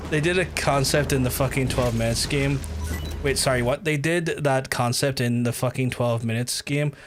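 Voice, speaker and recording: With music playing in the background, a medium-pitched man talks at a moderate pace, close to his microphone. He streams gameplay, swearing and rambling through casual asides to his viewers.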